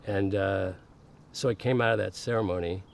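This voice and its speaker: Very deep-voiced man telling a candid story. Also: steady tone, moderate pace, vocal fry, a little hiss or hum. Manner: candid, swears freely, acts out quoted voices. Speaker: podcast guest. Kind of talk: casual storytelling interview.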